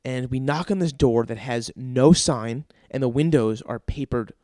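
A man casually telling an anecdote with lots of swearing, fillers and animated energy. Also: medium pitch, unhurried, no room sound, studio quality. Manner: animated, profanity-laced storytelling with frequent fillers.

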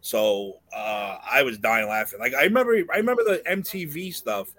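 A man's voice: mid-range voice, moderate pace, fairly bright tone, no room sound. A man co-hosting a podcast, chatting casually and animatedly, laughing often as he jokes. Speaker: podcast co-host. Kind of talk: casual chat.

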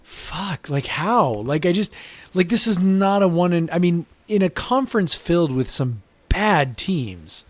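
A man's voice: sits high, lively intonation, measured pace. A male podcast co-host chatting casually from his basement, sounding tired and frustrated and leaning hard on "like.". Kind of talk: casual chat. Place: home basement.

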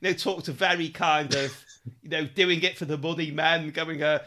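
A man co-hosting a casual chat about old comedy records, animated and laughing often. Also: on the high side. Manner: animated, laughs often, quick asides and impressions. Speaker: podcast co-host.

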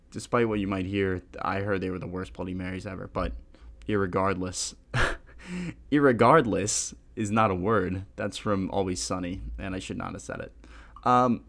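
A young man hosting a podcast, rambling casually and laughing at himself. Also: lowish voice. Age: young adult. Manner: rambling, self-deprecating, laughs often. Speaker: podcast host.

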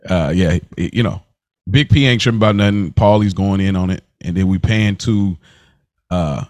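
A man's voice: low voice, a little mellow, dry recording. A man co-hosting a podcast, chatting casually and laughing often as he reviews a TV episode. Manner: laid-back, slangy, laughs often, quick restarts. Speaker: podcast co-host.

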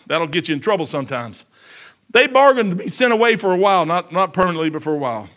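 A man preaching a sermon in a folksy, emphatic way, swinging between loud outbursts and hushed low passages. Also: sing-song, fast talker.

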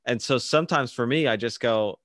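A man's voice: mid-range voice, fairly quick, fairly bright tone, dry recording, clean studio sound. A man hosting an interview in a casual, easygoing way, with frequent fillers and laughs. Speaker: podcast host, children's book author.

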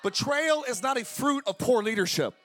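High-voiced energetic preacher man in his forties. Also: normal speed, some chatter behind. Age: 40s. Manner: energetic, conversational preaching with jokes. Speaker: pastor. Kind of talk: sermon.

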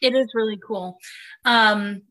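A woman's voice: a little high, fairly even intonation, measured pace, a bit bright. A woman in her thirties co-hosting a podcast, chatting casually with frequent fillers and laughs. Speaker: podcast co-host. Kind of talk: casual chat.

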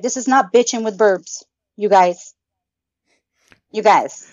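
A woman co-hosting a podcast who swears at every turn and rants in playful mock anger. Her voice sits a little high. The sound is dry and dull, with a lo-fi edge. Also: a little slow, long pauses, darkish tone, dry recording. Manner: swears constantly, mock-angry ranting. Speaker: podcast co-host. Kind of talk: profane casual podcast chat.

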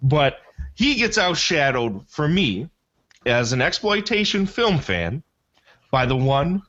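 A man's voice: a little high, very animated, slow pace, a bit bright, lo-fi sound. Rambling enthusiastic male movie podcast host. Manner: rambling, enthusiastic, self-correcting. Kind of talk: casual chat, movie review.

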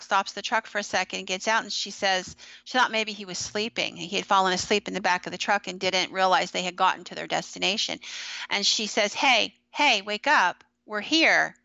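Female podcast host, bright tone, dry muffled sound, confident explainer. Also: mid-range voice, normal speed, vocal fry, dry recording. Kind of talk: casual chat about ghost stories.

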